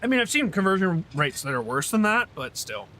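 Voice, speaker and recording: A man with a high-sitting, sharp-toned voice streams a game and chats casually with his viewers, very animated and brisk. He rambles, often trailing off and starting his thoughts over.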